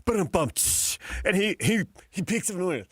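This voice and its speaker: A man's voice: high-pitched, big pitch swings, a little fast, fairly bright tone, breathy edge, dry recording, studio quality. A man hosting a morning sports talk radio show, telling stories in a chatty, joking way. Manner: chatty storyteller, laughs often.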